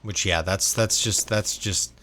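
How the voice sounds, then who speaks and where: A man's voice: fairly low pitch, fairly even intonation, unhurried, sharp tone, a little hiss or hum. A sleep-deprived man from the United States, rambling casually to viewers while playing a game, repeating words and drifting between asides. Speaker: gaming vlogger. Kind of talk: rambling casual gameplay chat.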